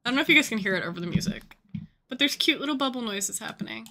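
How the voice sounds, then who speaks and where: A woman's voice: on the high side, expressive, very fast, vocal fry, sharp tone, a little hiss or hum. A young woman streaming a game, chatting casually and rambling with lots of fillers. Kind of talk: casual gaming stream chat.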